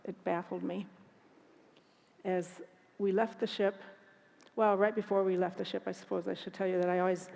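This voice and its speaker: Woman, conference talk, gravelly flat voice, echoing hall. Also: medium pitch. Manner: earnest, halting with frequent restarts. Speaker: conference speaker. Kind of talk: personal storytelling talk. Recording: long hall reverb.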